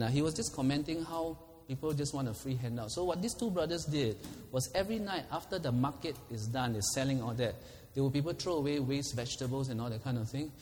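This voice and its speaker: Preacher in a reverberant hall. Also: male voice, medium pitch, slight background noise. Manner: lively, laughing often, acting out quoted prayers. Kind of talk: sermon.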